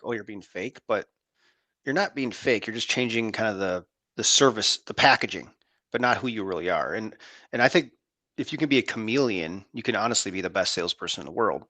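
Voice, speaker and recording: A man in sales co-hosting a podcast, talking in an animated, rambling way and acting out his phone calls. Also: fairly low pitch, fairly quick, dry recording. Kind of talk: casual chat.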